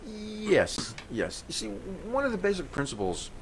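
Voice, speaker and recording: A man's voice: sits high, measured pace, slight background noise, poor audio. An older man from New York with a New York accent, a tax accountant chatting as an interview guest and telling stories. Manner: chatty, storytelling, animated. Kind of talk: casual interview chat.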